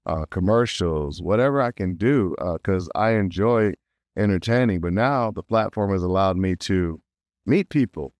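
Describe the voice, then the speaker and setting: A man guesting on an interview, telling stories in a lively way, often laughing and acting out quotes. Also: low voice, normal speed, dry recording. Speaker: voice actor guest. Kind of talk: casual interview storytelling.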